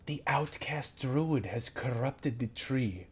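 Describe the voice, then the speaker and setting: A man voicing a solemn female goblin priestess who speaks in a formal, measured, quiet way that at times drops to a whisper. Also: mid-range voice, slightly rough. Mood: hushed. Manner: formal, measured, soft-spoken, sometimes whispered.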